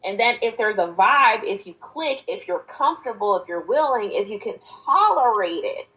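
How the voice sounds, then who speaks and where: A woman co-hosting a casual talk show, explaining her points in a measured way. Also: mid-range voice, very animated, a bit bright, low-quality recording. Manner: measured, explains things, a churchgoer. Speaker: co-host. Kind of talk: casual chat.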